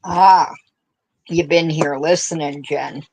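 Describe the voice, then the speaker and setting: A woman's voice: sits low, steady tone, slow, a little mellow, a little hiss or hum. A woman with a central Pennsylvania accent, chatting casually on a craft livestream, laughing often and reading out viewer comments. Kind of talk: casual chat while crocheting.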